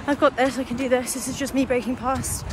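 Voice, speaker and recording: Young woman, fitness vlogger, higher voice, breathless on a long run, self-encouraging with swearing, clear street noise behind. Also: level tone, quick pace. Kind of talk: casual vlog while running. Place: outdoors on roads.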